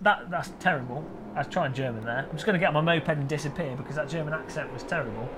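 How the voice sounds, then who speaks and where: A man's voice: on the high side, fast talker, heavy background noise. A man chatting and joking while livestreaming a sim race, reading out viewer names. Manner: chatty, jokey, reads chat aloud. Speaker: sim racing streamer. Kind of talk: live stream commentary while racing.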